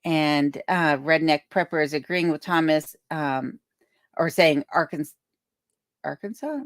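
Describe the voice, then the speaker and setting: Her voice is deep, her tone steady and her delivery unhurried as this livestream host chats casually, reading out viewer comments and thanking people in a chatty way. She's at her remote Alaska home, using a boom-arm desk mic, with a dry, studio-quality recording.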